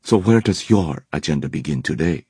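A man puts on an earnest young woman warlock, a driven demon hunter, in a storybook reading. The voice is husky and is lifted somewhat above his own very low register. It sounds close and dry. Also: expressive, mellow, no room sound, heavily acted. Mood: brisk. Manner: brisk and earnest.

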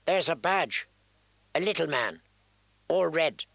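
A man reading an audiobook voices a tough, blunt wildling woman warrior in a raised, higher voice. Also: expressive, slow, gravelly, bright, forceful tone, husky, no room sound, exaggerated voice. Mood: grim. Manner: blunt, pointing things out.

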